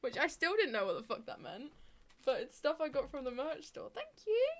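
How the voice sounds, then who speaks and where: A woman's voice: high-pitched, big pitch swings, a little fast. A woman livestreamer chatting casually with her chat, laughing often and swearing freely.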